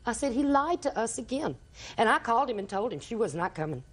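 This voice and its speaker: A woman's voice: a little high, very animated, fast talker. An older woman giving courtroom testimony, telling a long story and acting out the quoted dialogue. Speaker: litigant in small claims court.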